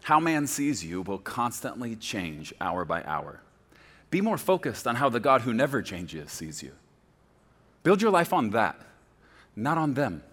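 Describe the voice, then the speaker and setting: A man preaching a sermon as a pastor, swinging from loud shouts to quiet, close talk. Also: mid-range voice, big pitch swings, a little slow. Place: church sanctuary.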